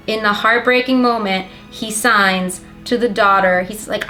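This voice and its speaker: A woman's voice: mid-range voice, fairly even intonation, measured pace, fairly bright tone, soft background music. A young woman giving a rambling, sarcastic and profane comedic plot summary of a film. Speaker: comedic movie recapper.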